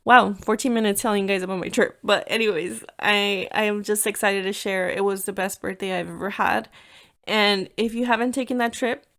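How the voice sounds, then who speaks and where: A woman in her thirties from the United States talks through her own podcast in a relaxed, chatty way. She leans on "like" and drops Spanish phrases into her English as she tells stories. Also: medium pitch, a little fast. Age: 30s. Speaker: podcast host. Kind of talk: casual solo podcast storytelling.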